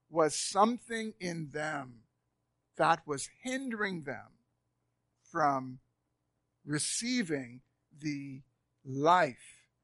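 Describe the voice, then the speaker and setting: A high-pitched man preaches a sermon to his congregation, dropping to near-whispers and then rising loud again. He repeats phrases for emphasis. The recording is close and dry. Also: dry recording. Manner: preaching with strong swings in loudness, repeating words for emphasis. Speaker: pastor. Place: church sanctuary, live congregation.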